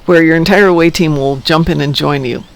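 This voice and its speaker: A man's voice: on the high side, fairly quick, creaky. A man hosting a live game stream, chatting in a friendly, easygoing way with teammates. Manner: chatty, friendly, laughs often. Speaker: livestream host. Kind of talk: casual gaming chat.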